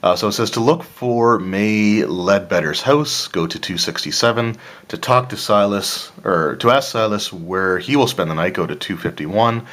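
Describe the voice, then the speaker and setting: A man reading a solo tabletop gamebook aloud and adding casual asides, clearing his throat now and then. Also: fairly low pitch, moderate pace, fairly bright tone. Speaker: player of a solo tabletop adventure.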